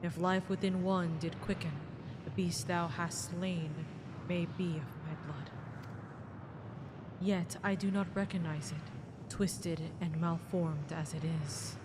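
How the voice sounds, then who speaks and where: A woman's voice: fairly low pitch, fairly even intonation, takes it slowly, noisy background. A woman voicing an ancient, mournful male dragon who speaks in archaic, grave storytelling tones over game music. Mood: solemn grief. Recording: game music playing behind.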